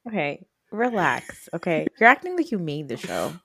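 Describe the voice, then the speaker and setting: A woman in her thirties with a New Jersey accent, hosting a podcast in animated, casual chat full of fillers and swearing. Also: on the low side, normal speed, creaky, slightly rough, no room sound. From North Jersey, USA. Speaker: podcast host.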